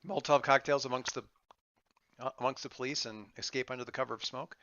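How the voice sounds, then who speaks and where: A man's voice: mid-range voice, steady tone, fast talker, fairly bright tone, dull audio, slight background noise. A man running a tabletop role-playing game as game master, thinking aloud in a rambling, playful way with lots of fillers. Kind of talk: running a tabletop game over an online call.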